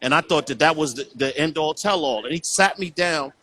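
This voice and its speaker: Earnest man, bright forceful voice. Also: on the high side, fairly quick. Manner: earnest, repeats "you know what I'm saying". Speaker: guest. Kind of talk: casual call conversation.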